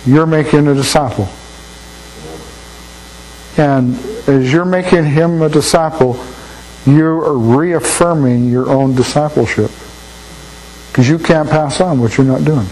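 An older man preaches in a folksy, storytelling way, stumbling over and repeating words as he gathers his thoughts. His voice sits a little high for a man, and a faint electrical hum runs under the recording. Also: a little slow, long pauses, a little mellow, poor audio. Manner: folksy, anecdotal, repeats words while thinking. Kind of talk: sermon.

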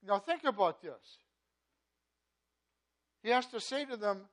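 A man preaching a sermon in a conversational way, often repeating words and saying "you know", swinging between loud emphasis and quiet asides. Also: sits high, expressive, slow, long pauses. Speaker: pastor.

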